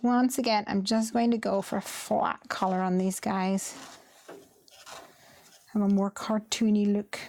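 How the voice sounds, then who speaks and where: A woman hosting a live crafting stream, chatting casually and laughing often as she tells stories and works, sometimes muttering quietly to herself. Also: mid-range voice, creaky, slight background noise. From United Kingdom. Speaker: craft livestream host. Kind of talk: casual chat while crafting.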